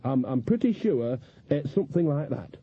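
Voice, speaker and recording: A woman's voice: very deep voice, sing-song, normal speed, husky, muffled recording, full character voice. A man doing a plain-spoken, homely old witch woman. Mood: musing.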